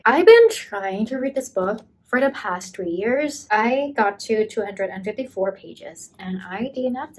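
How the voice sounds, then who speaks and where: Young woman vlogging, kinda high voice, rambly and jokey, forgets stuff as she goes. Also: low-quality recording. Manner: rambling, jokey, unsure of details. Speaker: book vlogger. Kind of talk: casual chatty book recap.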